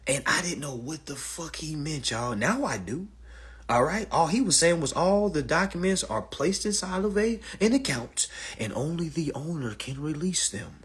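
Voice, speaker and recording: A man's voice: on the high side, animated, normal speed, fairly bright tone, breathy edge. A man telling a long profane story to an online audience, emphatic and repetitive, often saying "all right" and "y'all". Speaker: storyteller addressing a live audience.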